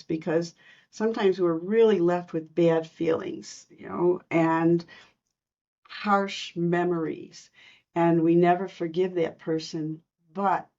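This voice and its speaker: Woman, low voice, earnest storyteller, podcast guest, muffled lo-fi sound. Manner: earnest, animated retelling with acted quotes. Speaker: spiritual medium guest.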